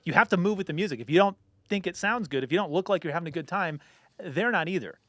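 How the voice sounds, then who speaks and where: Man, podcast co-host, emphatic rambling talk, slightly high voice, dry close mic. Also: fast, no echo. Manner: animated, emphatic, rambling with fillers. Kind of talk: casual chat.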